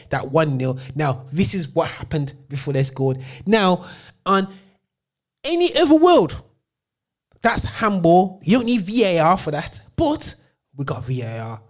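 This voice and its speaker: A man co-hosting a casual show argues heatedly about football. His voice sits fairly high, and he often stumbles over restarts as he gets worked up. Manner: excitable, argumentative, stammering restarts. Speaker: co-host.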